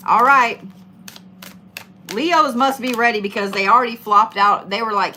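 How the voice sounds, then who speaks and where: A woman's voice: fairly high pitch, steady tone, normal speed, long pauses, bright, forceful tone, slight background noise. A middle-aged woman giving casual, playful zodiac tarot readings, swearing freely and hyping up her listeners. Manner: swearing, playful, hyped-up and chatty.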